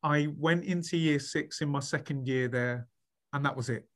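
A man's voice: on the high side, moderate pace. A man, a head teacher being interviewed, chatting animatedly with many restarts and acting out what others said. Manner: animated storyteller, many restarts, acts out quoted speech. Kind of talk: casual podcast interview.

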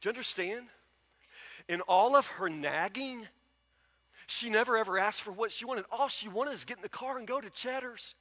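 High bright preacher in a hall. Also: male voice, normal speed. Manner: folksy storytelling preacher, emphatic repetition. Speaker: pastor. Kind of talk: sermon. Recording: long reverb of a large hall.

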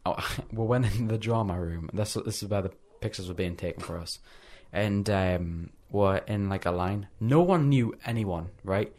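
A young man in casual chat, an animated storyteller who laughs often. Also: low-pitched, moderate pace, few pauses.

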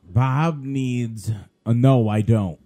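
A man co-hosting a casual comedy podcast, giving dry, deadpan reactions. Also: medium pitch, drawn-out words, no room sound. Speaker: podcast co-host.

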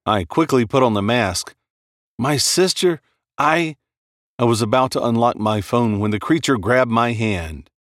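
A man narrating a first-person horror story in a dramatic, expressive read. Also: medium pitch, moderate pace, few pauses, dry recording, clean studio sound.

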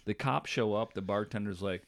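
A man's voice: on the low side, normal speed. A man telling an anecdote in casual chat, swearing and breaking off into asides. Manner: animated storyteller who acts out voices in anecdotes; swearing, self-interrupting asides.

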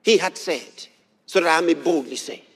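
A man preaching a sermon, reading scripture aloud and repeating key phrases with emphasis, sometimes bursting into shouts. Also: a little high, moderate pace, breathy edge. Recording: long hall reverb.

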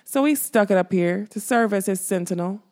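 A woman reading an audiobook, voicing a mocking dead male skull that guards a castle, in a slow teasing drawl. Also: mid-range voice, a little mellow, close to an everyday voice.

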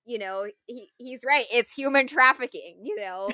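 A woman co-hosting a casual chat, retelling a film scene in an animated way, full of fillers and frequent laughter. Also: fairly high pitch, moderate pace, slight background noise.

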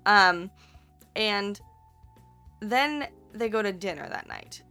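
A woman's voice: medium pitch, animated, slow, pushed and bright, faint music behind. A woman hosting a casual movie recap, chatty and rambling, correcting herself and swearing playfully.

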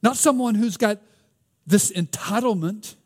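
Male preacher, Southern US accent, fairly high voice, easygoing sermon delivery. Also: expressive, measured pace, darkish tone. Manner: conversational, asks rhetorical questions, reads scripture aloud.

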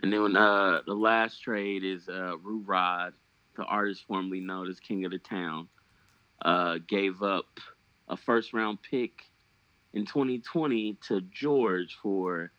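Bright-voiced man in casual league chat. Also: deep voice, steady tone, takes it slowly, no echo, lo-fi sound. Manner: joking, profane, trails off into fillers. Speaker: podcast host. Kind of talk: casual fantasy football chat.

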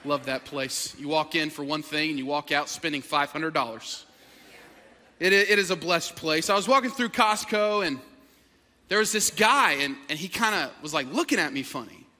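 A man preaching in a high, very bright voice, excitable and quick to joke while he tells a story. His voice fills a large church auditorium and trails off in a long hall reverb. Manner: energetic, excitable storyteller with humor. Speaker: pastor. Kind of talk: sermon.

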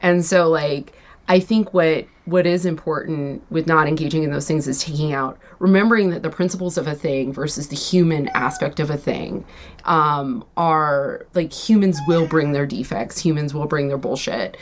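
A woman's voice: low-pitched, moderate pace, slight background noise. A woman hosting a podcast, talking in a rambling, reflective way with many fillers. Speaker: podcast host. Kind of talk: casual podcast chat. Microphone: podcast microphone.

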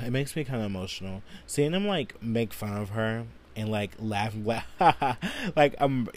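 A man's voice: fairly low pitch, a little mellow, a little hiss or hum. A man hosting a solo podcast, ranting angrily and profanely with lots of filler words. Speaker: podcast host.

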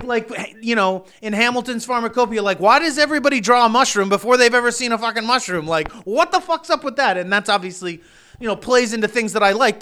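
A man's voice: extremely high pitch, pushed and bright, clean tone. A man co-hosting a comedy podcast, ranting with constant swearing and restarts. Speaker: podcast co-host. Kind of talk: profane comedic podcast rant.

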